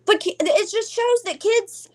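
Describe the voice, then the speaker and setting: Animated high-voiced woman storyteller. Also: unhurried. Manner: animated, acts out quoted voices, laughs often. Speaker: podcast co-host. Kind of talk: casual storytelling chat.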